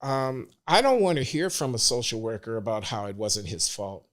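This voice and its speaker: Older man, measured and emphatic. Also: mid-range voice, sing-song, a little hiss or hum. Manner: measured and deliberate, grows emphatic. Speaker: podcast guest. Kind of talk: interview conversation.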